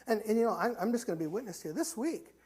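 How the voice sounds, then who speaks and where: A man's voice: high-pitched, expressive, very fast, a little mellow, slightly rough. A man preaching a sermon in a church, impassioned and repetitive, telling stories and calling his listeners forward. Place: church sanctuary.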